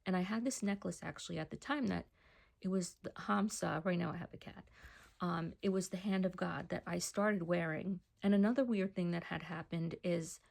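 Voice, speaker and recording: A woman telling a personal testimony in a casual, hushed storytelling voice that often drops to a near whisper. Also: lowish voice, moderate pace, creaky.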